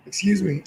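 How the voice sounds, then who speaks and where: A man with a slightly tired voice, teaching a livestream painting class in a relaxed, encouraging way while he works. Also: high voice, gravelly, echoey room, slight background noise, low-quality recording. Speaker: painting instructor.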